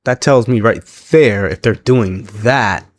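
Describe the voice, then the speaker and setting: A man casually recapping a wrestling show, laughing often and quoting the wrestlers in an animated way. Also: on the low side, slow pace, dry recording, clean studio sound. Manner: laughs often, animated retelling with quoted voices.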